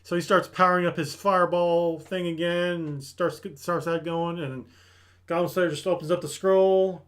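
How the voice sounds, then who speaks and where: Speaking in a high voice at a moderate pace, this anime review host walks through an episode in a relaxed way. He livens up the recap by voicing the characters' lines as he goes.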